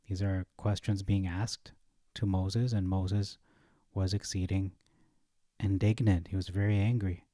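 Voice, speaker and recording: A man reading Bible verses aloud and commenting on them, thinking aloud, correcting himself and pausing on fillers. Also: deep voice, mellow, no room sound, studio quality. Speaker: Bible study teacher.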